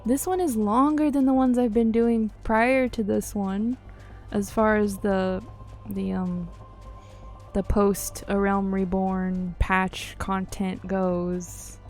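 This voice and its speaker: A woman chatting playfully while she streams a game, joking and laughing at her own voices, over soft music. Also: mid-range voice, steady tone, takes it slowly. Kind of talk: casual live-stream commentary. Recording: faint game music behind.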